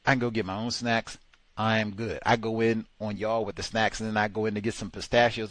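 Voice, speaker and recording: A man hosts talk radio in a sarcastic, exasperated and animated way. His voice sits low and the sound is close and dry, with no room around it. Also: a little fast, no room sound. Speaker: radio host. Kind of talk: casual talk radio commentary.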